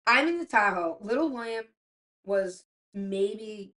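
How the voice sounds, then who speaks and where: A middle-aged woman telling a story on a podcast in loose, chatty fashion. She is animated, swears freely and acts out what people said. Her voice sits at an ordinary middle pitch. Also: slow. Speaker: podcast co-host. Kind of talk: casual storytelling chat.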